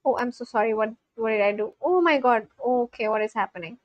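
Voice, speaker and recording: A woman's voice: on the high side, fairly quick, no room sound, highs cut off. A young woman chatting casually on a livestream, gushing and exclaiming often as she reacts to viewers.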